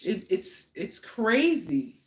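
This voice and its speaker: A woman's voice: mid-range voice, very animated, slow pace. A middle-aged woman co-hosting a podcast, earnest and agreeable, often restarting her sentences. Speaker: podcast co-host. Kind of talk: casual chat. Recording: roomy echo.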